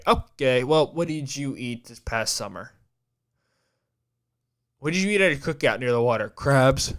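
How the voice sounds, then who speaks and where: A man's voice: mid-range voice, lively intonation, moderate pace, pauses often, a bit bright. A man hosting a podcast, talking in a casual, rambling way with a heavy stutter and frequent restarts. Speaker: podcast host.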